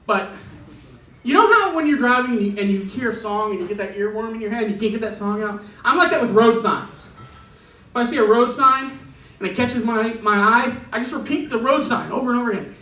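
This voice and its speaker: A man's voice: very high voice, brisk, bright, forceful tone, reverberant, distant mic, low-quality recording. A man doing a stand-up set in a club, chatty and chuckling through his punchlines. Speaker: stand-up comedian. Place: comedy club stage.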